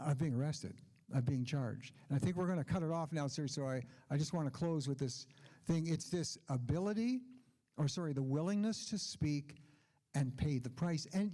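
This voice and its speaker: A man's voice: on the high side, animated, normal speed, dark tone. An older man giving a conference keynote speech, telling stories with asides. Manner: anecdotal storytelling with asides. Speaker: keynote speaker.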